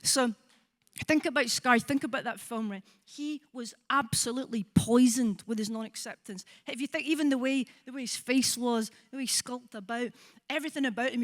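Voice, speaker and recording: A Scottish woman in her forties, a psychologist giving a conference talk, lively and engaging, often checking in with the audience. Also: high voice. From Scotland. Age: 40s. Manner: lively, asks the audience with frequent "right?" and acts out quoted voices. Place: conference hall.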